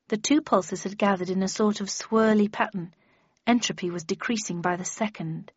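A woman's voice: mid-range voice, fairly even intonation, normal speed, slightly rough, dry recording. A woman reading a first-person novel aloud in a dry, wry storytelling manner. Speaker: audiobook narrator. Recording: dull lo-fi dry recording.

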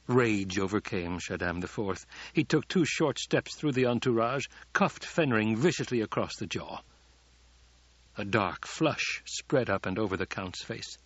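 A man doing measured, dramatic audiobook narration. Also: fairly low pitch, expressive, a bit bright, breathy edge, dry recording. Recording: dull, dry studio audiobook.

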